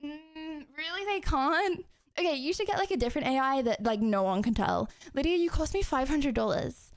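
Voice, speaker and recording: A woman's voice: sits high, expressive, moderate pace, no echo, clean studio sound. A young woman streaming live, chatting casually with her viewers in a bubbly, giggly way. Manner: bubbly, giggly, cheering chat on.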